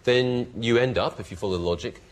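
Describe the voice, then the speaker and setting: A man's voice: medium pitch, fairly quick. A man, a politician on a discussion panel, answering affably with laughing restarts. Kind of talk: panel debate.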